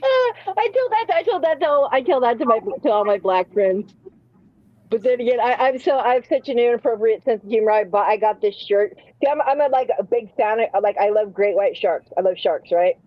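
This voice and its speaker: A woman hosting a livestream panel, spinning crude comic anecdotes with constant restarts and rambling tangents. Her voice sits a bit high for a woman. The sound is dry and slightly muffled, with no room echo. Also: expressive, fairly quick. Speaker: streamer hosting a live panel. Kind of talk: rambling comedic storytelling.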